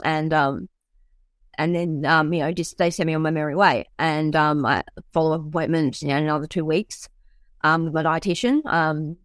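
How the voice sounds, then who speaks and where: A young woman with a low voice tells her story, stopping and restarting often and filling gaps with fillers. The sound is dry and close, with no room echo. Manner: halting, full of fillers and restarts. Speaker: guest sharing her illness story. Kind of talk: personal storytelling.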